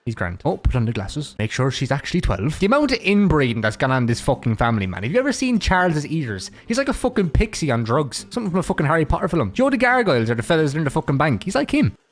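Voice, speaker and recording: A man's voice: on the high side, big pitch swings, quick pace, hardly any pauses. An Irish man giving crude, mocking reaction commentary, swearing freely as he riffs on clips and memes. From Ireland.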